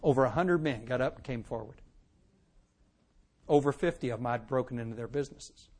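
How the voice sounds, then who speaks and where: A man preaching a sermon testimony, telling his story with animated swings from loud to hushed and acting out the lines he quotes. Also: mid-range voice, fairly quick.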